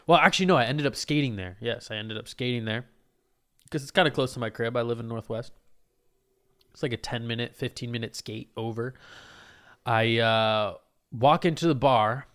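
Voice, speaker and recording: Animated young man telling a story. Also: fairly low pitch, smooth. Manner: animated, profane, self-mocking. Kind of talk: casual storytelling.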